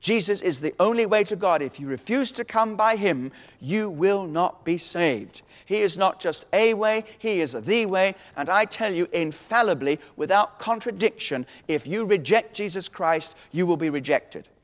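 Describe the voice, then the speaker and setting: A man's voice: high-pitched, expressive, moderate pace, hardly any pauses. Emphatic man preaching in a reverberant hall. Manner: emphatic, authoritative, quoting scripture. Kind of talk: sermon teaching.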